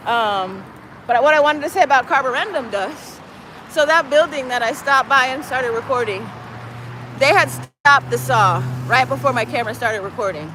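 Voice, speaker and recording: A woman's voice: high voice, normal speed, noisy background. A woman livestreaming as she walks outdoors, talking casually in a meandering, profane way. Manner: profane, meandering, talks to her cat in baby talk. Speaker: live streamer. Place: outdoors on a city street, walking.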